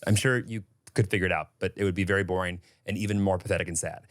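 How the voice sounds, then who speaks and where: A man co-hosting a podcast in casual chat, joking and bantering with lively intonation. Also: low voice, quick pace. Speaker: podcast co-host.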